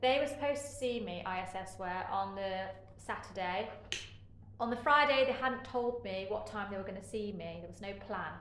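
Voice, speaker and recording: Frank, halting woman in an echoey room. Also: mid-range voice, a bit bright, slight background noise. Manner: frank, halting, with many fillers; sarcastic edge. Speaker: interviewee sharing care experiences. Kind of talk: candid personal account.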